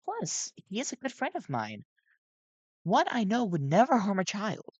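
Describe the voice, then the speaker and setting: A man voicing a gentle, nervous robot daycare attendant who speaks softly and formally. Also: high voice, huge pitch swings, unhurried, slightly rough, dry recording, voice pushed up, full character voice, low-quality recording. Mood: reassuring. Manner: soft, hesitant, formal.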